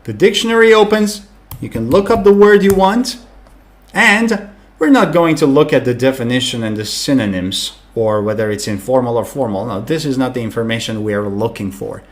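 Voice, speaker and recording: A man teaching English pronunciation in an online lesson, explaining clearly and sounding out words slowly to demonstrate. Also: mid-range voice, lively intonation.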